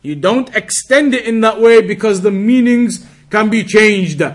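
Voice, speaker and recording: A man who is an Islamic teacher gives a religious lesson, reading Arabic text quickly and then explaining it slowly. He draws out words to demonstrate pronunciation, and his voice sits high.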